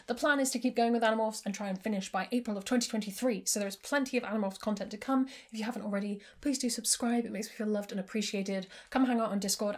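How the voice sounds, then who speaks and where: Brief: a mid-pitched woman, chatty and amused, recapping a book for her channel. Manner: chatty, amused, laughs at the plot. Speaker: book review channel host. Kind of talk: casual book recap vlog.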